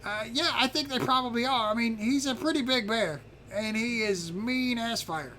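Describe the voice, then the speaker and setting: A man voicing a small boastful male dragon creature who rambles excitedly. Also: very high-pitched, moderate pace, slight background noise, pitched above the performer's own voice. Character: boastful little male dragon, kobold-like, chatty.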